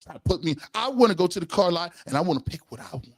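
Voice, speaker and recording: A man in his forties hosting a live sports talk stream talks fast in a high, creaky voice with lively intonation. He tells comic stories and acts out the voices of those in them, and the clean studio sound has no echo.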